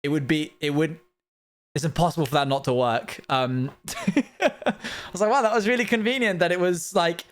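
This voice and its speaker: A young man hosting a casual livestream from his desk, rambling and laughing at himself as he chats. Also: sits high. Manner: rambling, giggly, self-mocking. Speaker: livestream host.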